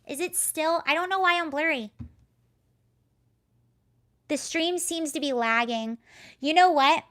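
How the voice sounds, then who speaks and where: A woman with a high voice talks casually on her live stream. She rambles through a story, breaks off to answer comments, and speaks into a computer mic at home. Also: a little slow, fairly bright tone. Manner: chatty, rambling, reads chat aloud. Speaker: livestream host.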